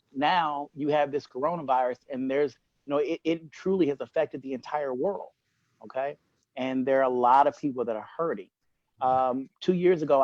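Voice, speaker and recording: Brief: man, mid pitch, unhurried co-host on a video call, dry and slightly muffled line. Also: no echo. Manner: relaxed, measured, hesitant with fillers. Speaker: co-host and group leader. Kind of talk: personal background talk on a call. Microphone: computer mic on a video call.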